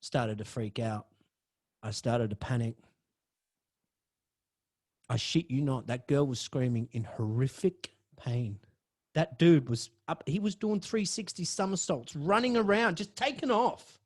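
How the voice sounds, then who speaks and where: A man telling a personal story on his podcast, dramatic and profane, swinging between loud outbursts and hushed asides. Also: medium pitch, a little slow. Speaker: podcast host.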